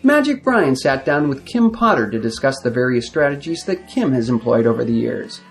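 A male podcast host reads his scripted opening in a measured, reflective way. His pitch rises and falls with lively movement. A faint bed of music plays underneath. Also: creaky.

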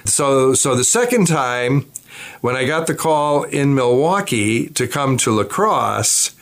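An older man, a bishop, telling a personal story in a chatty way, with many fillers and restarts. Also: medium pitch. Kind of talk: anecdotal storytelling.

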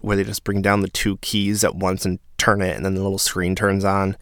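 A man with a lowish, gravelly voice recaps a reality show episode in a casual, sarcastic way. He sounds openly exasperated, and his voice is recorded close and dry. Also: monotone, brisk, a bit bright, no room sound.

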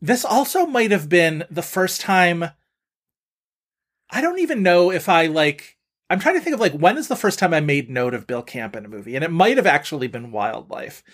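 A man co-hosting a casual film chat who meanders through his thoughts, padding them with filler words. His voice sits a little high for a man. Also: very animated, moderate pace, fairly bright tone. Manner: rambling, lots of filler words. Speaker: podcast co-host.

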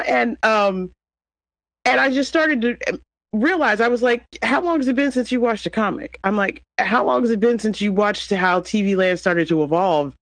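A man's voice: sits high, fairly bright tone, no room sound, low-quality recording. A man co-hosting a podcast, talking casually and animatedly, teasing and laughing as he goes. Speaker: podcast co-host.

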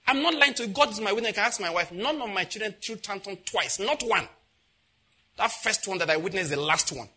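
Lively high-voiced pastor. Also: male voice, brisk. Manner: animated, laughing, acts out quotes. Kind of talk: sermon.

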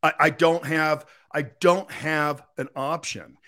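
Real estate guy on a podcast, excited storyteller, slightly high voice. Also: slow. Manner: energetic storyteller, repeats words. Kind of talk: casual podcast chat.

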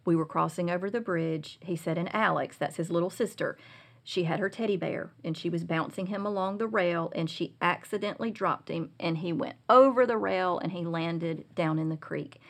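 A middle-aged woman telling a personal parenting story as a guest, earnest and confessional, growing animated when she retells scenes. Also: lowish voice, normal speed, creaky. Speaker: guest speaker on Christian parenting.

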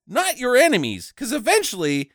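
A man co-hosting a podcast, riffing on a movie in casual chat, animated and profane with laughing asides. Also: very high voice, moderate pace, dry recording, clean studio sound. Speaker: podcast co-host.

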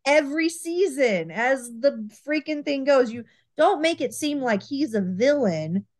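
Animated woman podcast co-host. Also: sits high, unhurried. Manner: animated, emphatic, repeats herself. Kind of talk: casual chat.

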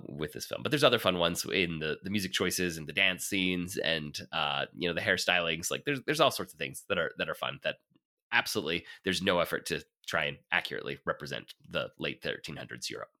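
A man hosts a casual film podcast in a very deep yet bright, forward voice. His pitch swings widely, and he talks in halting bursts with restarts and fillers, laughing often. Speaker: podcast host.

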